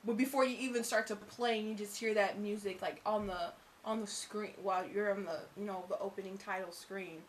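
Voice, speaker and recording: A woman's voice: mid-range voice, fairly even intonation, fairly quick, few pauses, a little hiss or hum. A woman co-hosting a casual video game review, chatty and often trailing off mid-sentence. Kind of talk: casual chat.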